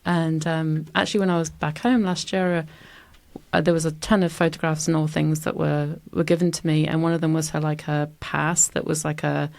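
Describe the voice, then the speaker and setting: A woman's voice: sits low, little pitch movement, a little fast, creaky, darkish tone. A woman from England with an English accent, chatting casually as a guest on an interview podcast, laughing often and self-deprecating. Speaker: guest artist.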